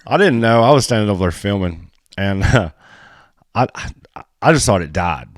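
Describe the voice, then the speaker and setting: A man co-hosting a casual podcast, telling a story in a blunt, animated way and swearing freely. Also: lowish voice, moderate pace, dry recording, studio quality. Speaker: podcast co-host and race filmer.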